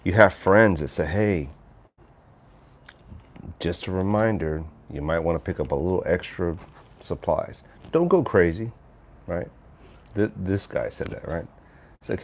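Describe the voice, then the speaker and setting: A man's voice: low voice, lively intonation, a little slow, pauses often. A middle-aged man rambling casually on a livestream, reading chat messages aloud and answering viewers. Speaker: livestream host.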